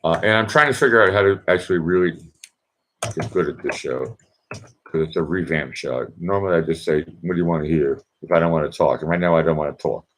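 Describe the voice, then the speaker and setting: A man with a Boston accent hosts his own livestream and chats in a loose, meandering way, cracking jokes and trailing off into "uh"s. His voice sits very low. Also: fairly quick. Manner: chatty, joking, meandering with many fillers. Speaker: livestream host. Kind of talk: casual rambling monologue. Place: indoors in Vienna.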